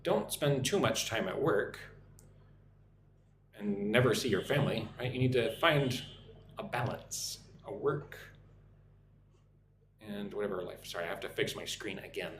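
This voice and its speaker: A young American man teaching English on a live stream, chatting with viewers and repeating phrases slowly for practice. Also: on the low side. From United States. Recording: echoey room with faint noise.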